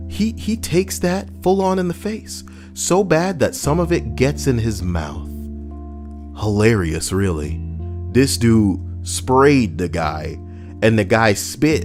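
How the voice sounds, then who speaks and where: A man giving an indignant, profane, mocking commentary on a video he watched. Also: fairly low pitch.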